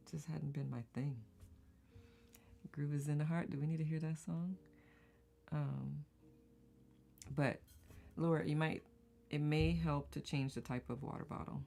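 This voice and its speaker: Woman, live-stream host, casual rambling chat, gravelly, mellow tone. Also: rumbling low. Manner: chatty, laughs often, rambling asides. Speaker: host of a live community circle.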